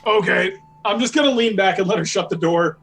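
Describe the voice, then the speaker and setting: A man chatting as a tabletop game player, his voice somewhat high and husky. He talks bluntly with a dry edge. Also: brisk, a bit bright. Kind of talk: casual game chat.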